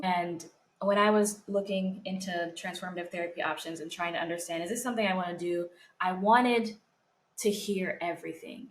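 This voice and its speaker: Earnest young woman, low voice. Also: a bit bright, slight background noise. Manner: earnest, emotional, speaks of faith. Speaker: podcast co-host. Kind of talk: heartfelt casual chat.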